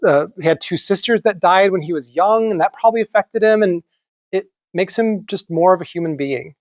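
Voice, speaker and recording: A man giving a conference lecture in an animated, conversational way, with some casual swearing. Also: high voice, dry recording, muffled recording. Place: lecture room.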